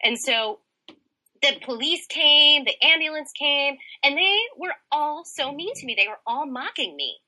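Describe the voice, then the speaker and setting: Lively, bright-voiced woman in her thirties. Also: high voice, measured pace, rough recording. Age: 30s. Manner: animated, chatty, heavy use of "like". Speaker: podcast guest. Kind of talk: personal storytelling in conversation.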